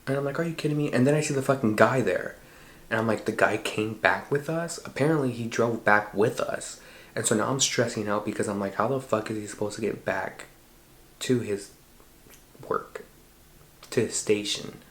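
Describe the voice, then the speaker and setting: A man's voice: on the low side, moderate pace, roomy sound. A man telling a dream story in a casual podcast monologue, swearing freely and acting out the lines of the people in it. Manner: profane, animated retelling with quoted voices. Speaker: podcast host.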